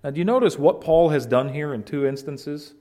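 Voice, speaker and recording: A man's voice: fairly high pitch, a little fast, warm tone. A man preaching an expository sermon, earnest and emphatic, often restarting phrases. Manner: earnest, emphatic teaching with restarts and rising stress. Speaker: pastor.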